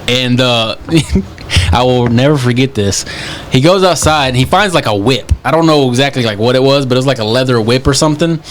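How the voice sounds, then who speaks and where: A young man from Texas, co-hosting a podcast, telling stories in a slow, relaxed way with many fillers. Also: mid-range voice, a little hiss or hum. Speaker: podcast co-host. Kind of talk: casual storytelling chat.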